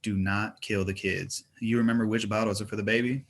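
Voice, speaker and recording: A man reading aloud voices a caring young mother and fiancée who teases her partner gently. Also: on the low side, fairly even intonation, fairly quick. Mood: teasing.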